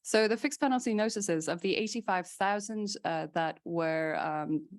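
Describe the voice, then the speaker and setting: A woman's voice: lowish voice, normal speed. A woman legal scholar giving a seminar lecture to a small audience in a room. She speaks emphatically and with animation, stacks her points in lists and drops playful asides.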